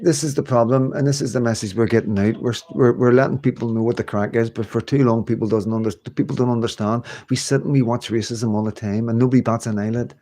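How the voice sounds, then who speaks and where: A man's voice: mid-range voice, fairly even intonation, fast talker, hardly any pauses, dark tone. A man, hosting a casual livestream from home, chatting and reading out viewer comments in a rambling way with frequent laughs. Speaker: livestream host.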